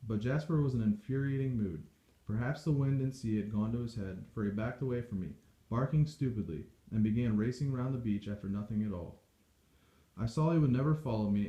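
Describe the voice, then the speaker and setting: A man reading a novel aloud in steady, measured storytelling. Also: on the low side. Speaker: audiobook reader. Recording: dull echoey home recording.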